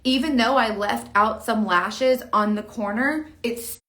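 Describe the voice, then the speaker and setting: A woman's voice: fairly high pitch, measured pace, a bit bright. Chatty woman rambling through a tutorial. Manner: rambling, chatty, talks to herself while working. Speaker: beauty vlogger. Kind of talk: casual makeup tutorial.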